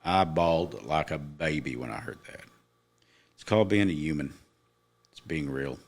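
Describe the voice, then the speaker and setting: Middle-aged guy on a podcast, really low voice, earnest and emphatic, telling his own story. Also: animated, moderate pace. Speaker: podcast guest. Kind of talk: personal storytelling in casual podcast chat.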